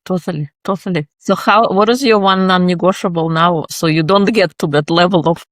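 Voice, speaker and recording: A man's voice: sits high, fairly even intonation, fairly quick, a bit bright, no room sound. A man hosting an interview, giving short affirmations before asking a question. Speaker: host.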